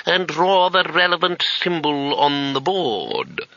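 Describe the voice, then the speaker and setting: A lofty old wizard master drawls down his nose, slow and superior, as a male narrator puts him on. His voice sits higher than a plain reading voice and glides about a lot. The audio is dry and a little dull. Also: huge pitch swings, gravelly, pushed and bright, dry recording, full character voice. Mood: haughty.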